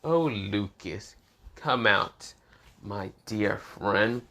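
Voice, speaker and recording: A man voicing a sinister, smug young male demon lord who drawls his words slowly and mockingly. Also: on the low side, lively intonation, creaky, fairly bright tone, full character voice. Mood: gloating. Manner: slow, drawn-out mocking delivery.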